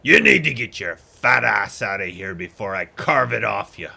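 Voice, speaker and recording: A man's voice: lowish voice, big pitch swings, measured pace, sharp tone, exaggerated voice. A man voicing a threatening male half-orc thug in a tabletop game. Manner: threatening, gruff.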